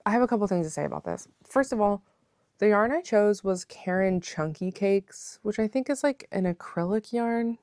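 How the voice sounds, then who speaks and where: A woman's voice: mid-range voice, lively intonation, moderate pace, darkish tone, dry recording, clean studio sound. A woman chatting casually as a knitting vlogger, rambling with lots of filler words and calling her viewers besties. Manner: playful, calls viewers besties. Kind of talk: casual chat. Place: at home.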